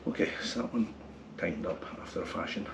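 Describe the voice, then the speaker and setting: A man working on an old car engine and talking to himself, muttering quietly, with bursts of excitement. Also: low voice, fast. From Scotland. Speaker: car restorer. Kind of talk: casual workshop commentary. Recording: roomy, distant, noisy workshop sound.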